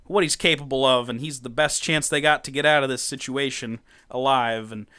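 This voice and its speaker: A man co-hosting a podcast, recapping a comic in casual chat, animated, laughing often and swearing freely. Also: medium pitch, fairly quick, clean tone. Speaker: podcast co-host.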